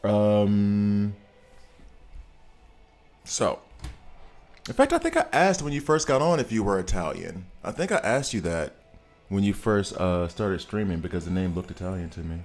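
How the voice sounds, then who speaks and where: A man's voice: fairly low pitch, big pitch swings, a little slow, long pauses. An American man chatting casually on a live game stream, greeting viewers and laughing often. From United States. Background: soft background music.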